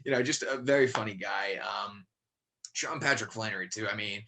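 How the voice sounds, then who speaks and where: A man's voice: fairly low pitch, moderate pace, pushed and bright. A man about twenty from Connecticut, a young actor chatting as a podcast guest, rambling with many fillers and restarts. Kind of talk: casual podcast interview.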